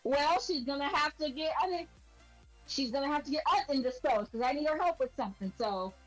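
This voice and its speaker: A woman's voice: sits high, lively intonation, a little fast, soft background music, rough recording. A woman playing in an online tabletop game, talking in a casual, blunt and defiant way. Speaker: player.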